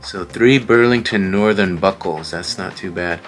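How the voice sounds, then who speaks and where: Deep-voiced man casually showing off finds. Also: measured pace, faint music behind. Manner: relaxed, rambling, frequent "uh" fillers. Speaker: online reseller. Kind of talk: casual show-and-tell vlog.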